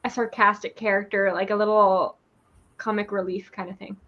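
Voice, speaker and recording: A woman's voice: mid-range voice, level tone, normal speed. A woman hosting a casual book club chat, asking questions and laughing often. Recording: dull, lo-fi mic with faint noise.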